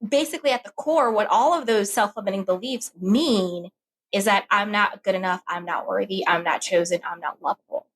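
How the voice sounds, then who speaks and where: A woman's voice: medium pitch, fairly quick, slightly rough, poor audio. A woman guest on a podcast, talking casually and acting out the voices in her head as she tells a story. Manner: animated, acts out her own inner voice.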